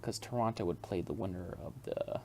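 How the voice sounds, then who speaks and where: Young male podcast host, low-pitched, rambling, profane, casual solo talk. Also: fairly quick, darkish tone, slight background noise. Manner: profane, rambling, chuckles often.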